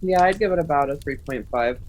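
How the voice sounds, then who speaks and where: A woman in a casual chat, hesitant and filling her pauses with ums. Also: deep voice, expressive, darkish tone, rough recording.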